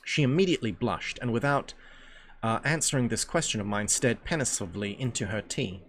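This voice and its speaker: A man's voice: medium pitch, animated, a little fast, slight background noise. Slangy man reading aloud with asides. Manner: stumbles over words, slangy jokey asides. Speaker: streamer leading a reading group.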